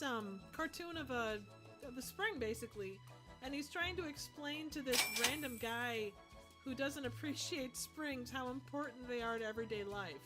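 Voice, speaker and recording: High-voiced blunt woman hosting a stream. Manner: blunt, swears freely, laughs easily. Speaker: livestream host. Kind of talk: casual chat.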